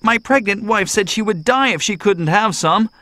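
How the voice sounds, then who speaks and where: A woman voicing a fearful young husband in an animated storybook, hesitant and pleading. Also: medium pitch, normal speed, dry recording. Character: timid young married man, fearful husband.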